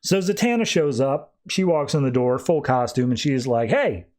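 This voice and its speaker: A man's voice: mid-range voice, lively intonation, normal speed, darkish tone. A man hosting a podcast, casually recapping a comic book in a loose, rambling way. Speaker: podcast host.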